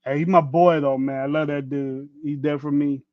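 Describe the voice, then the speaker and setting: A sports podcast host in his fifties rants bluntly on a casual livestream, swearing a lot and rambling with restarts. His voice is on the high side, steady in tone and moderately paced. It's a dry recording from a dull lo-fi mic.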